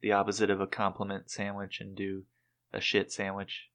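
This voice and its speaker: A man's voice: lowish voice, monotone, normal speed, fairly bright tone. A man in laid-back casual chat, chiming in with short remarks and dry jokes. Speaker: podcast co-host.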